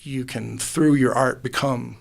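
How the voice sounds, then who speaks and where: A man's voice: medium pitch, steady tone, a little slow, creaky. A man, a musician guest in a podcast booth, telling his story in a casual, earnest, rambling way with many restarts. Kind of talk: casual interview.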